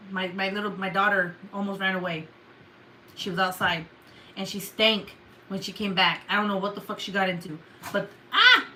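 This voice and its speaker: There's a slight hum or hiss behind this medium-pitched woman's voice. She's a young adult vlogger casually recounting a story to her audience, cursing constantly and loudly reenacting her own outbursts.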